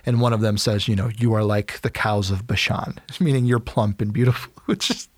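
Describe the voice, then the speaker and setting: A man hosting a casual podcast, retelling a Bible story in an animated way and acting out its characters in quick casual voices. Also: lowish voice, dry recording, studio quality.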